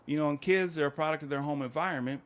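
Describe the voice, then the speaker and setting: Deadpan man doing stand-up. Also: a little high, fast. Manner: conversational, deadpan storytelling with acted quotes. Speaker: stand-up comedian. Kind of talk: stand-up comedy set.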